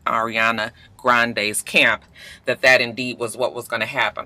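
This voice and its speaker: A woman hosting a celebrity gossip show, talking bluntly and casually with plenty of slang and swearing, moving from somber news to excited retelling. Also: a bass voice, measured pace, no echo.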